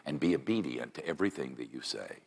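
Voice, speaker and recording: A man voicing a big, stiffly obedient male guard dog in a sermon anecdote, speaking in a flat, dutiful, ponderous way. It rings with long church reverb. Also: very deep voice, fast talker, vocal fry, breathy edge, pitched below the performer's own voice, exaggerated voice.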